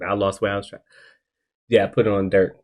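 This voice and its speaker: A man's voice: fairly low pitch, fairly quick. A young man hosting a podcast, telling a rambling story in casual slang and acting out what people said. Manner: rambling, animated, slangy, acts out quotes. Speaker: podcast host.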